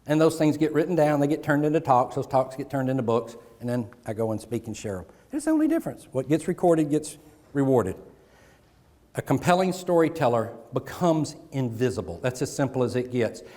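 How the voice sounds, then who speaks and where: A middle-aged man giving a motivational keynote, telling stories and acting out dialogue with the audience on stage. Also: mid-range voice. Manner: animated, acts out dialogue with audience. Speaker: keynote speaker. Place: large conference hall on stage. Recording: live hall with long reverb.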